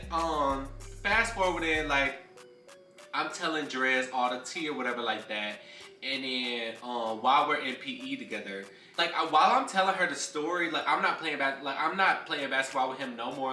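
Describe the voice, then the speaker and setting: In a sassy, dramatic storytime full of swearing, a young man recounts something from his own life in a sharp, medium-pitched voice. He sounds distant in a roomy space, with faint music playing.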